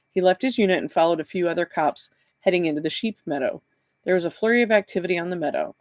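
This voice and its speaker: A man, the author, reading his novel aloud in a live session with steady, plain narration. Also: a little high, dry recording.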